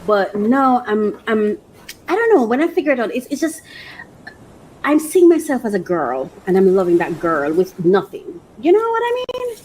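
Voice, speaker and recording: A woman vlogging casually, who swings from gushing squeals and laughter to a softer, reflective way of talking about her feelings. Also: on the high side, sing-song, moderate pace, slight background noise, rough recording. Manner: reflective and soft-spoken when sharing personal feelings. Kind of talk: casual emotional vlog.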